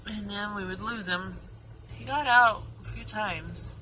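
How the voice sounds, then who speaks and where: A woman's voice: mid-range voice, measured pace, pushed and bright. Chatty woman vlogging from her car. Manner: chatty, self-mocking, talks to other drivers. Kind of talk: casual chat while driving. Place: car on the road. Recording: noisy car interior. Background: car and road noise.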